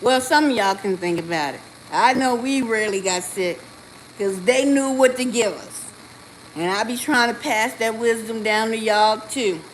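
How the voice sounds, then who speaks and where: A woman hosting a livestream, talking loudly and sassily with preachy outbursts. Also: on the high side, moderate pace, a little hiss or hum, rough recording. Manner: loud, sassy and preachy, with outbursts. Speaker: livestream host. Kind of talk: casual livestream talk.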